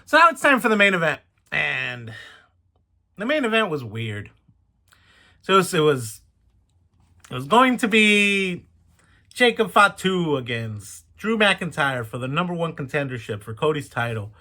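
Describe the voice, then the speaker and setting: A man's voice: a little high, very animated, unhurried, pauses often, bright, forceful tone. Chatty man with a cracking voice. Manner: chatty, incredulous, rambling asides. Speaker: wrestling show reviewer. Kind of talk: casual review vlog.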